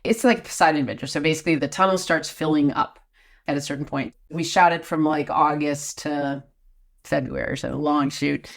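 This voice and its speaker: A woman, an actor guest on a podcast, telling anecdotes in a lively way, stammering and laughing as she retells events. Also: low-pitched, fairly quick, gravelly.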